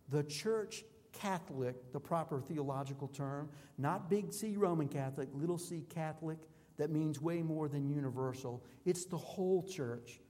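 A man's voice: fairly high pitch, normal speed, few pauses, dark tone. A man preaching a sermon as a pastor, emphatic and declamatory, building through rhythmic repetitions. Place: church sanctuary. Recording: long reverb of a large hall.

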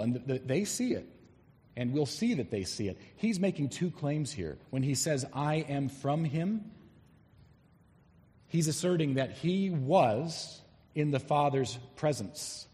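A man preaching an expository sermon, emphatic and animated, reading scripture aloud and explaining it to a congregation. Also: medium pitch. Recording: long hall reverb.

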